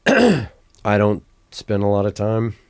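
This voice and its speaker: A man co-hosting a podcast, telling stories in an animated, laughing way. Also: on the low side, slow pace, clean tone, no room sound. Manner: animated storyteller, laughs often. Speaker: podcast co-host. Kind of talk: casual chat.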